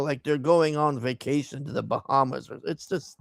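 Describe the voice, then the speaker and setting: A man's voice: a little high, normal speed, gravelly, dry recording, studio quality. A man giving a profane, exasperated recap of a movie he hated, scornful of its plot. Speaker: movie reviewer. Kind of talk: casual ranting movie recap.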